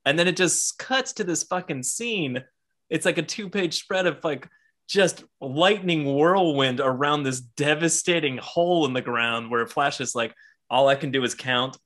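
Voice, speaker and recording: Man, bright tense voice, excitable, swears a lot, casual comic book chat. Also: on the high side, measured pace. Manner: excited, heavy swearing, acts out characters' lines. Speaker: podcast co-host.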